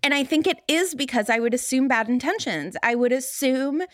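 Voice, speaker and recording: A woman's voice: sits high, expressive, a little fast, no room sound, studio quality. A woman co-hosting a podcast, candidly telling her own stories with self-deprecating laughter. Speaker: podcast co-host. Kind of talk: candid conversational podcast talk.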